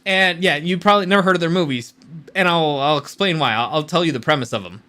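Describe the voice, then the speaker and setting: Blunt, bright-voiced male commentator. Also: on the high side, fast. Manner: blunt, opinionated, profane. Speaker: host. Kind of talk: casual commentary.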